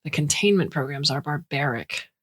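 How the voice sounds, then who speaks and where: A woman's voice: sits low, animated, normal speed. A woman reading a mild, polite husband.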